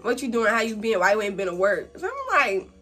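A young woman vlogger telling a casual story while doing her makeup, animated and slangy, acting out quotes in a higher voice. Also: fast, faint music behind. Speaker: beauty vlogger.

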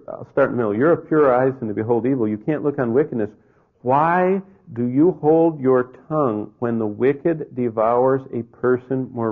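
A man's voice: medium pitch, vocal fry. A man preaching a sermon in an earnest way, his voice rising into pleading questions. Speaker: pastor. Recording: phone-like narrow sound.

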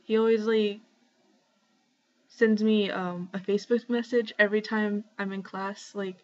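A young woman at home talking casually to her camera in a rambling shoutout vlog, full of ums and likes. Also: medium pitch, steady tone, measured pace, a little hiss or hum. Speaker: vlogger. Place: home, indoors. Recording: slightly dull lo-fi webcam audio.

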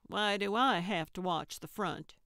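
A woman's voice: medium pitch, a little slow, fairly bright tone, no room sound, studio quality. A woman voicing a blunt, cantankerous old woman sleuth who talks in a snappy, indignant way.

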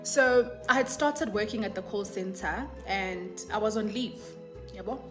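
Brief young South African woman, chatty storyteller who code-switches, mid-pitched, soft music underneath. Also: unhurried. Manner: chatty, switches between English and isiZulu, keeps saying "yabo". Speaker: YouTuber. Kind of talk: casual storytime.

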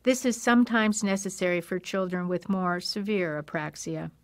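Woman speech pathologist doing calm voice-over, lowish voice, dry close recording. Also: moderate pace, no echo. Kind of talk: explanatory voice-over narration.

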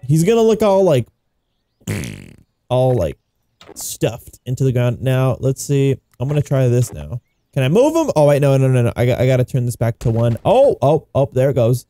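A man giving casual gameplay commentary, excitable and giggly, with frequent exclamations. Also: mid-range voice, brisk, dry recording. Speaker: gaming YouTuber.

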